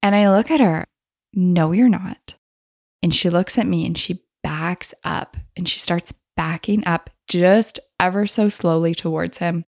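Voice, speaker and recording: Chatty woman podcast host with a lowish voice. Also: normal speed, creaky, hardly any pauses, no echo, studio quality. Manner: chatty, laughs often while telling stories. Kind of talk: casual storytelling.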